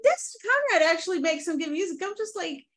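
A woman's voice: very high-pitched, animated, quick pace. A woman co-hosting a podcast in casual chat, candid and blunt, swearing freely. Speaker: podcast co-host.

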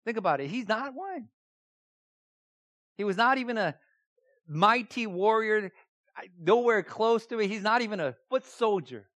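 A man's voice: high voice, lively intonation, a little slow, pauses often, a bit bright, no room sound. A man preaching a sermon, emphatic and repeating key phrases, often putting rhetorical questions to his listeners. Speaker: pastor.

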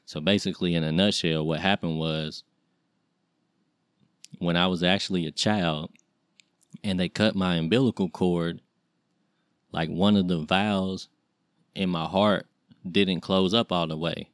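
A man's voice: sits low, fairly even intonation, unhurried, long pauses, no echo, studio quality. A man in his late thirties casually telling a personal story as a podcast host, loose and rambling with slang and lots of fillers. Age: 30s.

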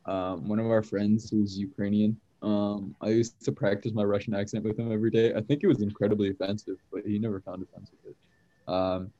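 A man's voice: on the low side, little pitch movement, a little fast, mellow, highs cut off. A teenage boy co-hosting a casual chat, telling rambling stories full of fillers. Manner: rambling storyteller, many fillers. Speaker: podcast co-host.

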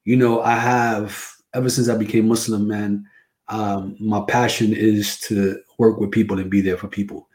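Low-voiced middle-aged man, relaxed storyteller. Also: moderate pace. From New Jersey, USA. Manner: easygoing, storytelling, sprinkles in Arabic phrases. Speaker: imam, guest. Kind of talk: casual interview talk.

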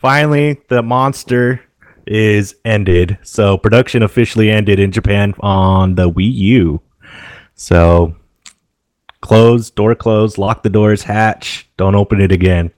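A deep-voiced man hosting a laid-back chat about games. He talks in a relaxed, offhand way. The mic sound is dry and close. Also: takes it slowly, dry recording.

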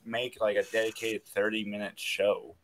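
Bright-voiced opinionated man chatting sports. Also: lowish voice, level tone, normal speed, a little hiss or hum. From Kentucky. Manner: opinionated, emphatic, many "like" fillers. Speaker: podcast co-host. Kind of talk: casual sports chat.

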